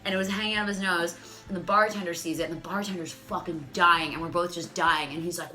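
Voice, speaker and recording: A woman in her thirties tells a comic dating story in a low but bright, punchy voice. She swears freely and leans on "like" as filler. Faint music runs underneath. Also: quick pace. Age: 30s. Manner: profane, animated, fillers of "like". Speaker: vlogger. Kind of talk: comedic storytime monologue.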